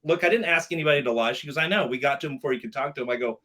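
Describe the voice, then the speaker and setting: Man, middle-aged, casual storytelling, profane, animated, mid-pitched voice. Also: racing. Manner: animated, acts out dialogue, swears often. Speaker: podcast guest telling a story.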